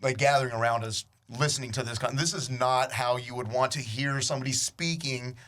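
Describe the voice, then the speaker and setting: A man's voice: mid-range voice, fairly even intonation, brisk, fairly bright tone. A man who performs comedy, rambling and joking in a casual podcast conversation.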